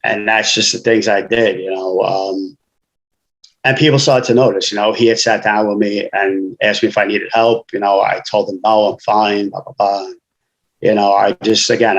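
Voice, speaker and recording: New guy, kinda low voice, telling his story straight up, lots of "you know", easy conversational tone. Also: lo-fi sound. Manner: frank, streetwise, peppered with "you know". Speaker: guest author.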